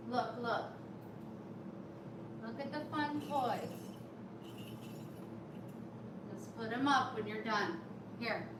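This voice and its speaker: Woman at home, soft cooing pet talk, slow and gentle, noisy home recording. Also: a little high, echoey room, distant mic. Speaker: pet owner. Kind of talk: baby talk to pets. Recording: background noise.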